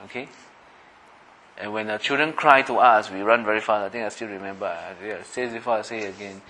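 Bright-voiced pastor preaching. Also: male voice, lowish voice, fast, poor audio. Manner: conversational, asks the listeners questions, acts out everyday voices. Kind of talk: sermon.

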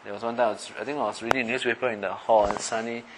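A man's voice: mid-range voice, fairly even intonation, rapid-fire, heavy background noise. A middle-aged man preaching a conversational sermon, often checking in with his listeners by asking them questions. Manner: conversational, asks the listeners questions, acts out everyday voices. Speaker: pastor.

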